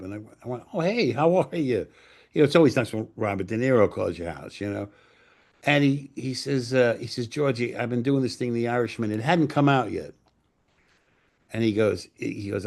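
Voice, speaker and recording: An older man from New York spins stories in a relaxed interview. He swears freely and drops into other people's voices as he quotes them. His voice sits at an ordinary middle pitch. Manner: profane, animated anecdotes with acted-out quotes. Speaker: screenwriter and director guest. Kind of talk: casual storytelling interview.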